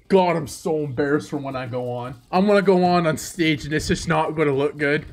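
A young man giving casual, profane gaming commentary in an excitable way, breaking into loud laughter. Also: fairly high pitch, normal speed, few pauses. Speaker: streamer.

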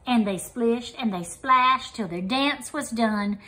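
A woman reading a children's picture book aloud as storyteller, in an expressive sing-song way. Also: a little high, slow pace.

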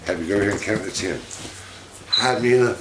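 A middle-aged man talking fondly and gently to his pet monkeys in a casual home vlog. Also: on the low side, brisk, reverberant, a little hiss or hum. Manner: gentle, doting, chuckling baby talk to pets.

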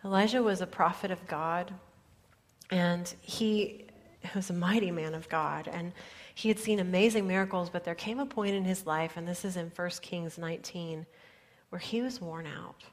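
A woman pastor giving an earnest sermon, often dropping her voice to a soft near-whisper for emphasis. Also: lowish voice, steady tone, moderate pace.

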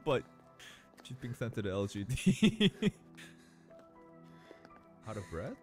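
A man hosting an anime reaction video, excitably thinking out loud and laughing often. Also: medium pitch, slow, pauses often, soft background music. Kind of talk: live reaction commentary.

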